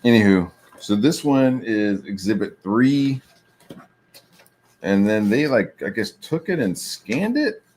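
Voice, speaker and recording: A man's voice: fairly low pitch, expressive, slow, a little mellow, slight background noise. A man streaming while he draws, talking in a casual, rambling rant full of swearing and filler words. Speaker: streamer and comic artist.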